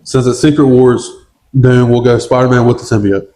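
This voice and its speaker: Excited young man chatting on a podcast. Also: medium pitch, moderate pace. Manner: excited, acts out movie scenes in quotes. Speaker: podcast co-host. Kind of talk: casual chat.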